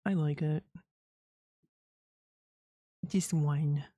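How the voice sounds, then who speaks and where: A woman's voice: low voice, steady tone, very slow, warm tone, no room sound. A woman streaming her art, chatting casually and rambling as she draws, with frequent giggles and playful sound effects. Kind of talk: casual chat while drawing.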